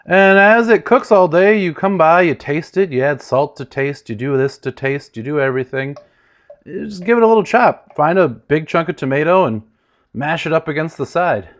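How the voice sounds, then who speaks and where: A home cook host with a fairly high voice talks at a moderate pace during a relaxed kitchen cooking demonstration. Joking and chatty, he gets louder and softer in lively swings, occasionally drifting away from the microphone.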